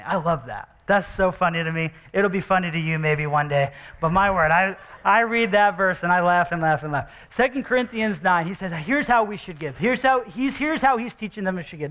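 High-voiced animated male pastor. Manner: animated, jokey, emphatic with repeated rhetorical questions. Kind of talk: sermon. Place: church sanctuary.

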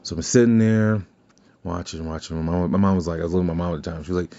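Low-voiced man rambling in casual chat. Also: steady tone, very fast, warm tone. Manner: rambling, profane, many restarts. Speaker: podcast host. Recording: slightly dull lo-fi sound.

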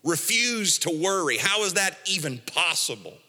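A man's voice: high voice, big pitch swings, normal speed, sharp tone. A man preaching a sermon as pastor, emphatic and storytelling, repeating his key phrases. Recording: echoey hall.

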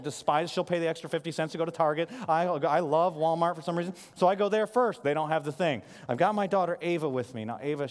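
A man in his thirties preaching a sermon from a stage, telling stories in an animated way with quick asides. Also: fairly high pitch. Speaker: pastor. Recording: live sermon in a reverberant hall.

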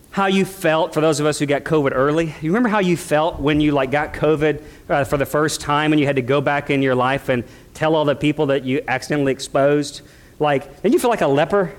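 A man preaching a sermon, building passion through repeated phrases and slowing down for quoted lines. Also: fairly high pitch. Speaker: pastor.

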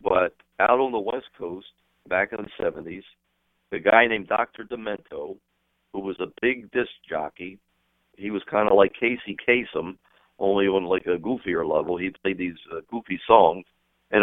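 Low-voiced man on a tinny phone line. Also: moderate pace, no echo. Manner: animated anecdotes, jumps into high voices when quoting people. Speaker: guest, wrestling manager and author. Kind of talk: casual storytelling on a call-in interview. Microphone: telephone.

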